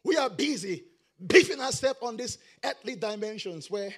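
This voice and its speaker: A middle-aged male pastor preaching a sermon, rising into shouted, sing-song emphasis. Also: sits high, expressive, normal speed, husky.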